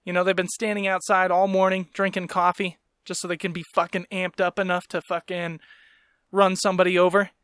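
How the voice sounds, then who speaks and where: A man's voice: sits high, little pitch movement, a little fast, fairly bright tone, clear, resonant tone, dry recording, clean studio sound. A man hosting a podcast, who is also a stand-up comedian, rants in a casual, profane, comic way and breaks into laughing asides.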